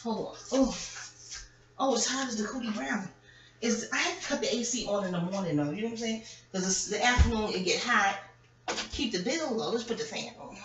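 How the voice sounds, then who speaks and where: A woman vlogger at home, talking in a rambling casual monologue full of profanity and laughter as she reviews reality TV. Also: a little high. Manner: profane, animated ranting with frequent laughs.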